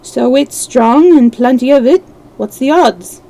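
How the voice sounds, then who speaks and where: A scheming old pirate coxswain voiced by a woman storyteller drawls in rough sailor dialect, wheedling and sly. The voice has a gravelly edge and a mellow, darkish tone. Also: high voice, measured pace, poor audio.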